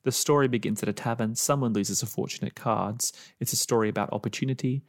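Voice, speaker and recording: Male storyteller, expressive dramatic reading, middle pitch, dry close sound. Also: fast, dry recording. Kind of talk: storytelling narration.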